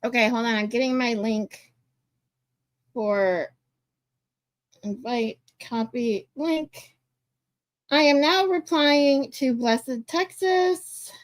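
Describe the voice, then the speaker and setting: A woman's voice: a little high, takes it slowly, pauses often, no room sound. A woman hosting a casual livestream, chatting with viewers, swearing casually and laughing often. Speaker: livestream host. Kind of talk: casual livestream chat, reading chat.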